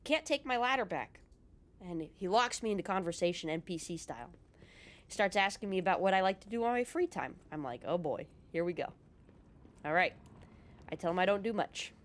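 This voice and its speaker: A woman from California casually telling an anecdote over gameplay, animated and sometimes swearing. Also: mid-range voice, brisk. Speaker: gaming YouTuber.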